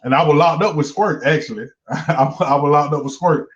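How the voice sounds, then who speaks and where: A man telling a profane, lively story in a casual interview, often repeating words as he restarts. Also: a little high, moderate pace. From Monroe, Georgia, US. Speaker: comedian guest. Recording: dull lo-fi recording.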